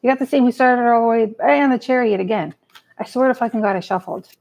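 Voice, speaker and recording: A woman's voice: a little high, fast talker, gravelly, darkish tone, low-quality recording. A woman doing a live tarot reading, chatting casually, muttering to herself and swearing freely as she pulls cards. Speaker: tarot reader. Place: home table with a cat nearby.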